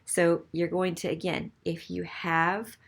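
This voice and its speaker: A woman's voice: fairly low pitch, little pitch movement, slow, vocal fry. A woman teaching a recorded French grammar lesson, explaining patiently step by step and checking in with "okay?".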